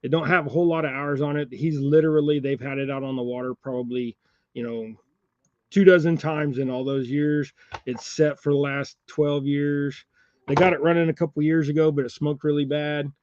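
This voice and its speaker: A man's voice: a little high, steady tone, normal speed, darkish tone, highs cut off. A man hosting a fishing channel, chatting casually on a livestream while tying jigs. He rambles in a folksy way and chuckles often.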